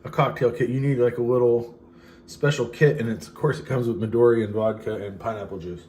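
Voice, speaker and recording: A man's voice: mid-range voice, fairly even intonation, brisk, dark tone, slight background noise. A man co-hosting a show, chatting casually with rambling asides while he mixes a cocktail at home in a farmhouse. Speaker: co-host making a cocktail. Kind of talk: casual chat, cocktail demo.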